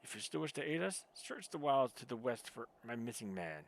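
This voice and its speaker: A man's voice: medium pitch, sing-song, fairly quick, gravelly, pitched above the performer's own voice. A man voicing a proud, haughty male knight commander in a put-on French accent, speaking formally and stiffly. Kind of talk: reading game dialogue in voices.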